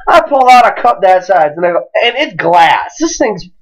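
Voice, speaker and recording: A man's voice: sits high, moderate pace, low-quality recording. Rowdy young man telling a drinking story. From Wisconsin. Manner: profane, animated, swings into quoted voices. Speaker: podcast host.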